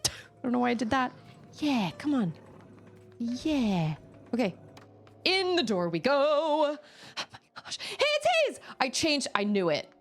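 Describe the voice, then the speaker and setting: A woman live-streaming a platform game, her voice swooping up and down as she chats about what she is playing. She talks casually, breaking off for quick exclamations and laughs. Faint game music plays behind her. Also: high voice, wildly swooping pitch. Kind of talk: casual live-stream chat while gaming.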